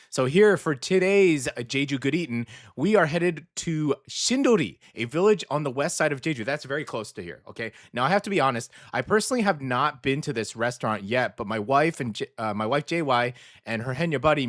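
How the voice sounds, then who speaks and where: A male radio host talking casually, chatty and relaxed, often tagging his sentences with "okay?". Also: medium pitch, dry recording, studio quality. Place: radio studio.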